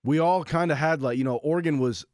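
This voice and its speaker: A man's voice: a little high, fast talker, a little mellow, dry recording, studio quality. A man co-hosting a casual sports podcast, a former college football player who tells stories with energy and acts out his own quotes.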